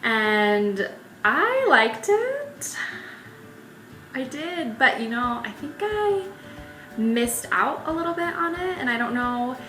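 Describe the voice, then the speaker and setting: A woman's voice: sits high, sing-song, slow, bright, forceful tone. A young woman telling travel stories in a casual, chatty vlog, laughing often. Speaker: travel vlogger. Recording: echoey room with faint music.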